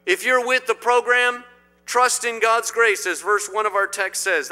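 Emphatic preacher in an echoing church. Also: male voice, sits high, normal speed. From Indiana. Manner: emphatic, swinging between loud declarations and quiet asides. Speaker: pastor. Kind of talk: sermon. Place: church sanctuary. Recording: long hall reverb.

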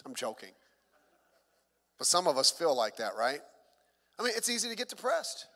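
A man's voice: high voice, big pitch swings, fairly quick, a bit bright, long reverb tail. A middle-aged man, a pastor, preaching a sermon in a conversational way with joking asides.

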